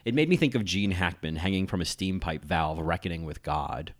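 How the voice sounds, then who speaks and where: Deep-voiced man narrating a TV essay. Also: brisk. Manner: analytical, admiring. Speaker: TV critic and essayist. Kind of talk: scripted video-essay narration.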